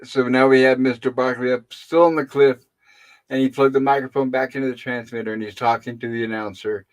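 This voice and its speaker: A middle-aged man hosting a casual live stream, retelling a TV episode in a rambling way with pauses and fillers. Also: medium pitch, steady tone. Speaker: host.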